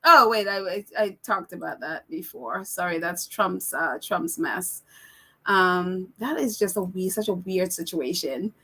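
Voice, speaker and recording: A woman's voice: on the low side, a little slow, sharp tone, slightly rough. A woman hosting a live stream, reading viewer comments aloud in a chatty way, laughing often and correcting herself with apologies. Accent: non-American accent. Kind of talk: casual live chat.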